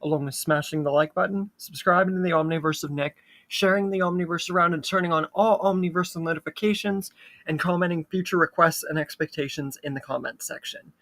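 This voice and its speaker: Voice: mid-range voice, steady tone, brisk, a bit bright. A channel host casually retelling a fan-made horror story, with loose fillers between plot beats.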